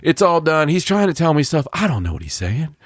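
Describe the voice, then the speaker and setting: A man co-hosting a podcast, telling a long story in casual chat and acting out every voice in it. His voice swings widely up and down in pitch, and the recording is dry and close. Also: brisk, slightly rough, dry recording. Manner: animated storyteller, acts out voices, laughs often. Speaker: podcast co-host.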